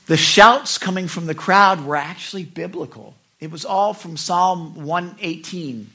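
A middle-aged man preaching a conversational sermon, reading scripture and rising into sudden loud, high bursts for emphasis. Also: measured pace. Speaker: pastor.

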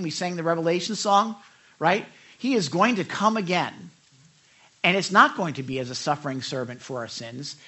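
A middle-aged man preaching a conversational sermon, reading scripture and rising into sudden loud, high bursts for emphasis. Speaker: pastor.

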